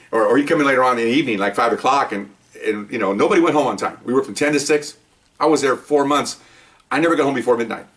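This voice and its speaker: A man's voice: medium pitch, a bit bright, recorded from a distance. An older man, a retired police officer, rambling through stories from his career and tagging many sentences with "okay?". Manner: rambling, many restarts, says "okay?" often. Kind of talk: casual storytelling monologue.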